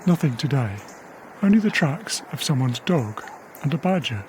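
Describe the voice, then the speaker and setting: Quiet reflective male documentary narrator. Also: on the high side, big pitch swings, moderate pace, slight background noise. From England. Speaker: wildlife cameraman narrating. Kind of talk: scripted diary narration. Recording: faint river ambience behind.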